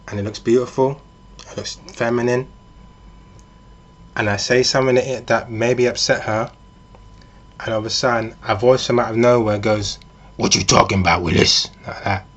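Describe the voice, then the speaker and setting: A man's voice: mid-range voice, fairly even intonation, moderate pace, long pauses. Man talking through hypotheticals. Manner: conversational, with frequent fillers and restarts. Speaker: vlogger. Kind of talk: casual monologue with hypothetical scenarios.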